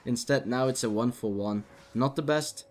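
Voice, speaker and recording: A man's voice: mid-range voice, moderate pace. Chatty male esports commentator. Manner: chatty, talks to the players on screen. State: voice getting dry and rough. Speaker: game commentator.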